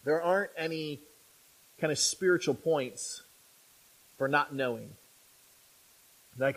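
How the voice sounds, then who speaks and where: A man with a high voice for his sex preaches a sermon to his congregation. He talks in a conversational way, often tossing in a quick "right?" and jumping into the voices of imagined people. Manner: animated, acting out imagined speakers.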